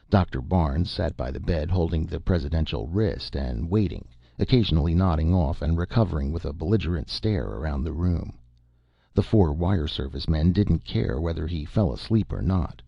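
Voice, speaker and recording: Deep gravelly male narrator. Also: warm tone, no room sound. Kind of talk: audiobook narration. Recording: dull lo-fi dry recording.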